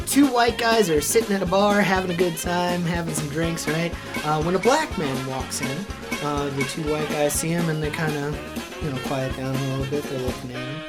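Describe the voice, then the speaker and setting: A man's voice: on the high side, normal speed, over music. A man delivering a comedic monologue in a wry, chatty joke-telling manner, often tagging lines with a question.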